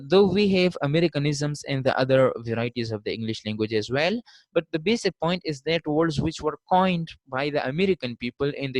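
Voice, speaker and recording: A man giving a recorded linguistics lecture, modelling word pronunciations slowly and checking in with "fine" after each point. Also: a little high, dry recording.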